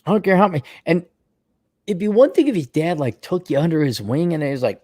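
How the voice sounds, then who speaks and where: A blunt, foul-mouthed man dishing out advice in a lively, swooping voice that jumps up and down. The sound is dry and close, with no room in it. He rants with mocking outbursts and drops to low mutters. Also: quick pace, no room sound. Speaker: advice show host. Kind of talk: profane advice livestream rant.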